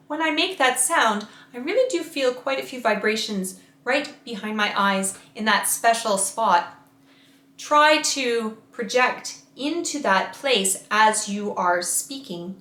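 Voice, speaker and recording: A woman voice coach leading a guided vocal warm-up lesson, giving slow, carefully enunciated instructions and demonstrating each exercise. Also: fairly high pitch, expressive, reverberant.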